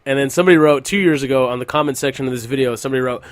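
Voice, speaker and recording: Profane laughing podcast host, dry sound. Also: male voice, mid-range voice, racing, dry recording. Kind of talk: casual podcast chat.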